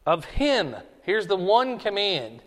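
A man's voice: high voice, very animated, takes it slowly. A man preaching an expository Bible sermon, conversational and emphatic, pushing his voice up for stress. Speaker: pastor. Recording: long hall reverb.

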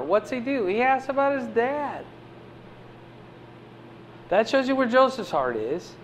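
A man giving a conversational sermon, teaching a Bible passage with animated swings between loud emphasis and quiet asides. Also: on the high side, a little hiss or hum.

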